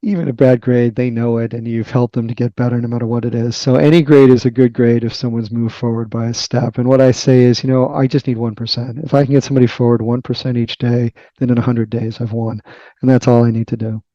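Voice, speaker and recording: A man with a Boston accent, a company CEO answering interview questions in a halting way, with many fillers and restarts. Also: medium pitch, flat delivery, warm tone, dry recording, lo-fi sound. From Boston area.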